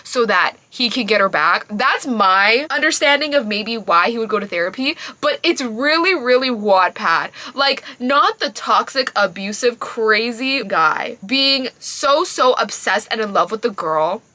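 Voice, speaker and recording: A woman giving a casual book review, animated and incredulous, full of exclamations. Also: fairly high pitch, measured pace, hardly any pauses, no room sound.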